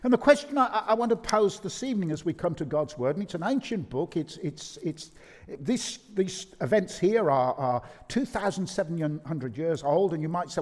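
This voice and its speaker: A man's voice: on the high side, animated, normal speed, darkish tone. A man preaching an evening sermon, emphatic and repeating key phrases for effect. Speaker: pastor. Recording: long reverb of a large hall.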